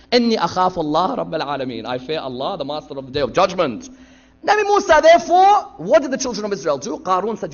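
A man's voice: high voice, fairly bright tone. A man preaching a sermon from the pulpit, retelling stories dramatically and acting out the dialogue. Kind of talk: sermon storytelling. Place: lecture hall pulpit. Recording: dull lo-fi sound.

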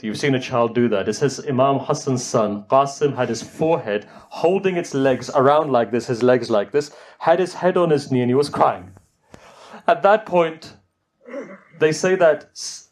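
A man's voice: medium pitch, a little mellow. A middle-aged man preaching an emotional sermon, telling a mournful story and pleading with his listeners as his voice rises. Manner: rising, grief-laden storytelling, pleading with the audience. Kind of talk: emotional majlis sermon recitation.

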